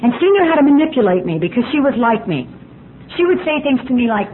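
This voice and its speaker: A woman's voice: on the high side, very animated, fast talker. A woman speaking at a recovery meeting, telling her personal story with candid, self-mocking humor. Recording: tinny phone-like line with faint hiss.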